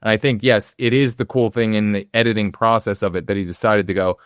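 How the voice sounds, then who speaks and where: A man's voice: on the low side, fast, no echo, studio quality. A man co-hosting a film podcast, telling stories in casual talk with lots of swearing and quoted asides. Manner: profane, animated storytelling with acted-out quotes. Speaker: podcast co-host.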